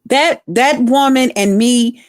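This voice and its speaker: A woman's voice: on the high side, slow pace, no echo. Earnest woman guest, dry sound. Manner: earnest, emphatic. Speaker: guest caller. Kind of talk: casual chat.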